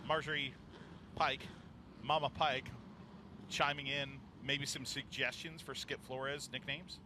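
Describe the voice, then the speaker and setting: A man calling a stock car race live, joking and laughing between laps and quickening with the action. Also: medium pitch, background noise. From New York. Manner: jokey, laughs often, excitable on the action. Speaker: play-by-play announcer. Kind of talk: live racing commentary.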